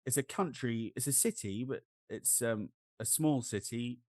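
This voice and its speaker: A man's voice: medium pitch, measured pace, a little mellow, dry recording, clean studio sound. A man from England with a Norwich English accent, chatting casually as co-host. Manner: chatty, slips into other accents for quoted speech. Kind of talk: casual chat.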